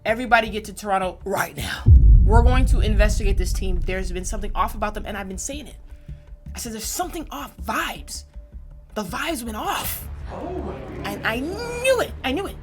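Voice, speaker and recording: A woman hosts a casual live sports reaction stream, her mid-pitched voice jumping from loud exclamations to quiet asides. She talks in loose slang with plenty of energy. Faint music plays underneath. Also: a little fast. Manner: animated, slangy, swings between loud outbursts and low mutters. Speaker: sports reaction channel host.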